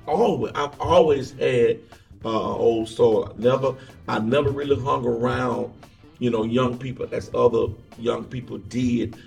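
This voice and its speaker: A man guesting as an evangelist on an interview, with a gravelly, fry-edged voice, telling stories from his life. He sits back from the microphone in an echoey room. Soft music plays faintly underneath. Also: medium pitch, a little slow, recorded from a distance. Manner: relaxed storyteller, acts out quoted voices. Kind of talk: casual interview storytelling.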